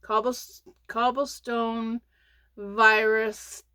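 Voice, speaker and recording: A woman's voice: fairly high pitch, little pitch movement, extremely slow, sharp tone, clear, resonant tone, no room sound. A middle-aged woman chatting casually about crochet on her channel, rambling with lots of fillers and restarts, a bit sleepy. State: sleepy, yawning. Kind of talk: casual crochet vlog chat.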